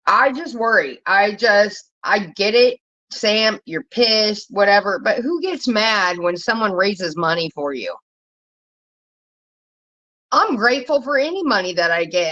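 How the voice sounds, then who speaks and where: A woman ranting casually on her own channel, blunt and profane, rambling and jumping in pitch when she gets worked up. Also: lively intonation, unhurried, pushed and bright, highs cut off. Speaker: commentary vlogger.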